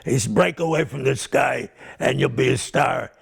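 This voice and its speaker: A man's voice: mid-range voice, normal speed, vocal fry, slightly rough. An older comedian being interviewed, telling rambling anecdotes about his career and acting out the people in them. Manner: rambling comic storyteller who acts out the people in his stories.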